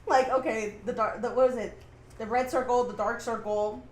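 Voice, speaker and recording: A woman's voice: fairly high pitch, steady tone, normal speed. Young woman with a roomy echo. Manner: hesitant, laughs easily, reads from notes. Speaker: podcast co-host. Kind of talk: casual TV recap chat.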